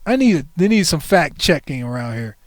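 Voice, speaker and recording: A man's voice: on the high side, very animated, moderate pace, no room sound, clean studio sound. A man in his forties hosting a livestream, chatting casually in a playful, joking way and talking back to the chat. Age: 40s. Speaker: stream host.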